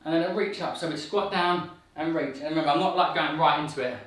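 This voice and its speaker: A man's voice: on the high side, fast talker, fairly bright tone, far from the mic. Upbeat male fitness coach, slightly breathless, heard off-mic in a very echoey room. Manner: upbeat, encouraging, counts reps aloud. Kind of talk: guided workout instruction.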